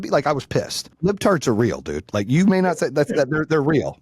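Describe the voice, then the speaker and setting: An animated man in his forties hosts a podcast, telling blunt, profane stories. His voice sits slightly high and leaps around in pitch. It is a casual studio chat. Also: brisk, noisy background. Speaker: podcast host.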